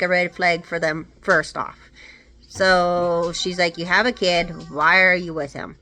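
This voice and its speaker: A woman talks through a book's plot in a relaxed, rambling way, often stopping to correct herself. Her voice is bright and sharp, and she speaks from her home. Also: medium pitch. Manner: rambling, self-correcting retelling. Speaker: book reviewer. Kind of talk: casual book review. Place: home with dogs.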